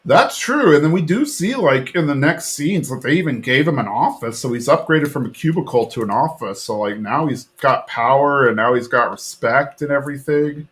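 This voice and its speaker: A man's voice: mid-range voice, animated, moderate pace, few pauses, a bit bright, slightly rough. A man co-hosting a podcast, casually retelling a cartoon episode with plenty of fillers and little laughs. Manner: rambling, lots of fillers and laughs. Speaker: podcast co-host. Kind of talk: casual recap chat.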